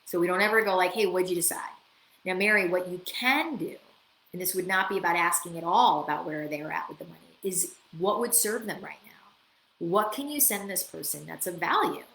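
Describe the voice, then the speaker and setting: A woman hosting a live coaching Q&A, chatty and lively, acting out bits of client dialogue as she answers questions. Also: fairly low pitch, a little fast, gravelly. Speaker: business coach and show host. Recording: echoey room with faint ambient noise.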